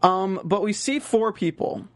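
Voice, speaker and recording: A man's voice: sits high, expressive, a little slow, no echo. A man co-hosting a podcast, casually retelling a show's plot with fillers and quoted asides. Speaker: podcast co-host recapping a show. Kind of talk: casual chat.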